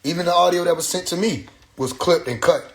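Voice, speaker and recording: Guy on a phone live, AAVE, loose and rambly, cussing, voice sits a bit high. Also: a little fast. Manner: loose, rambling, swears freely, slips into quoting others. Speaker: livestream host. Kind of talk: casual livestream monologue. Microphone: phone mic.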